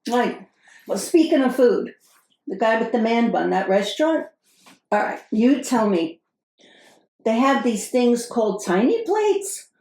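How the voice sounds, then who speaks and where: An exasperated, fussy Brooklyn wife with a thick put-on New York accent, played by a woman. Her voice sits fairly high as she complains in animated bursts. The sound carries a roomy echo. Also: unhurried, long pauses. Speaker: podcast co-host in character. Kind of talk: improvised comedy sketch.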